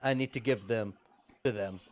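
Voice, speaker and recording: A man playing a tabletop game, speaking in a hesitant, polite and halting way. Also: on the low side, dull audio. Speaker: player.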